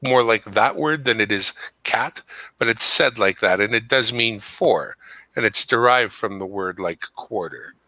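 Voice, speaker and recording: Bright-voiced man in dry casual chat. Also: on the low side, no echo, poor audio. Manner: teasing, explains slowly.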